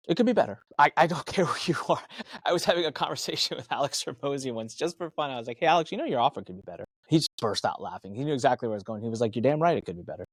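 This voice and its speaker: A man guest on a podcast, giving energetic, emphatic business advice and acting out his own thoughts in quick asides. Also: mid-range voice, no room sound. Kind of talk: animated advice talk.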